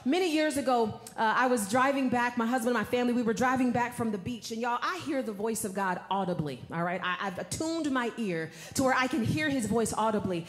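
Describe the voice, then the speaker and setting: A woman preaching a sermon, telling a story in a folksy way that swings from hushed tones to shouts. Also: on the high side, a little fast, hardly any pauses, reverberant.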